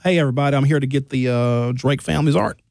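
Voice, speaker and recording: A man voicing a brash Southern man in overalls and a cowboy hat who has come to collect art, with a high put-on drawl. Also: quick pace, vocal fry, a little mellow, dry recording, studio quality, natural voice.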